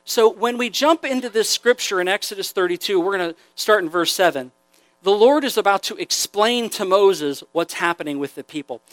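Guy preaching to teens, high voice, loose and jokey, super dry close sound. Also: moderate pace, no echo. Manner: conversational, joking, animated preaching. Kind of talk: sermon.

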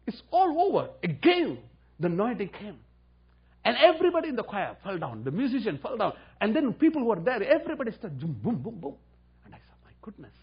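Husky preacher man, lively delivery. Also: fairly high pitch, highs cut off. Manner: storytelling, rising to loud emphatic preaching. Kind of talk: sermon with testimony.

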